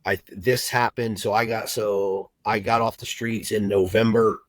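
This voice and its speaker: A middle-aged man telling his personal story as a podcast guest, heartfelt and halting, with many fillers and restarts. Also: on the low side, fairly even intonation, dry recording, rough recording. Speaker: guest, recruiter and agency owner.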